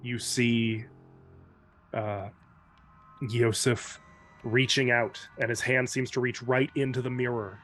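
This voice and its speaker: Man narrating a dark tabletop scene. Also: mid-range voice, fairly even intonation, soft background music. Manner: measured, descriptive storytelling. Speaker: game master.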